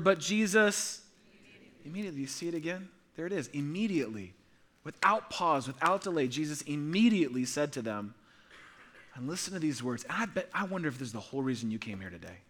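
A man preaching a sermon as pastor, animated, with humorous asides, his delivery swinging between loud emphasis and hushed softness. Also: fairly high pitch. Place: church sanctuary.

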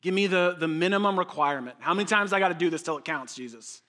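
A man's voice: high voice, quick pace, sharp tone. A man preaching a sermon as pastor, emphatic and conversational, repeating phrases for effect and joking with his listeners.

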